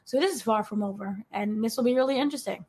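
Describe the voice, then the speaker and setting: Animated woman recapping a TV episode. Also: fairly high pitch, fast, husky. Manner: animated, acts out characters' lines in quotes. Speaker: podcast panelist. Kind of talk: casual discussion of a TV episode.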